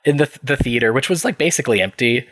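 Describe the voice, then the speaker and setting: A man's voice: mid-range voice, lively intonation, quick pace, a bit bright, no room sound. Chatty male podcast guest, dry sound. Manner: chatty, laughs while telling, many fillers. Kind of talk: casual storytelling.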